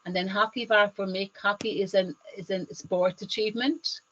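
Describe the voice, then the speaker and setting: A woman's voice: medium pitch, steady tone, moderate pace, a bit bright, muffled recording. A woman, teaching German online in an upbeat exam-prep lesson and switching between German and English.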